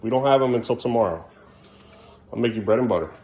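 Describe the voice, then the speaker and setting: A man's voice: mid-range voice, fast talker, dark tone. A man filming his family at home, talking in a sing-song voice to his kids and muttering weary asides. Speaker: parent vlogger. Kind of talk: casual family vlog.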